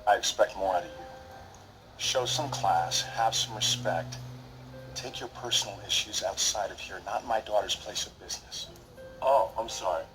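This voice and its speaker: A man's voice: lowish voice, moderate pace, music in the background, close to an everyday voice, low-quality recording. An actor in a TV drama, playing a man who lectures in a stern, cold way. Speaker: soap opera character. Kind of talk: TV drama acting.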